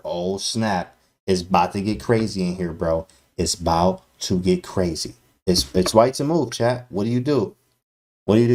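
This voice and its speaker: A man's voice: deep voice, a little mellow. A man streaming live chess commentary, slangy and hyped, talking straight to his chat.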